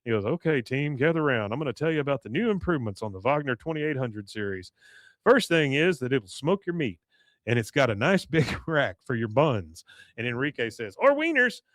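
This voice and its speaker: A very animated man with a medium-pitched voice talks fairly quickly on a dry recording. Co-hosting a podcast, he casually retells a cartoon episode, quoting its characters and laughing often.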